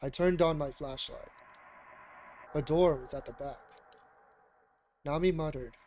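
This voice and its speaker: Male streamer reading a visual novel aloud, rambly and restarting, slightly high voice, noisy background. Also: a little slow, pauses often. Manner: rambling, hesitant asides with many restarts. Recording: steady background noise.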